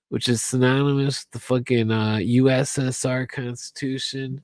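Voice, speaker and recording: A man's voice: medium pitch, flat delivery, unhurried, darkish tone, no room sound. A tipsy man rambling on his radio show, profane and repetitive, circling back to the same points. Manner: profane, rambling, repeats himself. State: tipsy from alcohol. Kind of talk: rambling late-night talk radio monologue.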